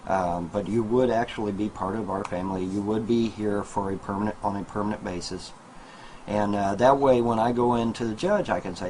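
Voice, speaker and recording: A man with a drawl and a lowish voice rambles to his webcam from a small trailer at home. He repeats himself and leans on fillers and asides to viewers. A faint hiss sits under the recording. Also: fairly even intonation, fairly quick, a little mellow, low-quality recording. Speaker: video blogger. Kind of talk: casual monologue to camera.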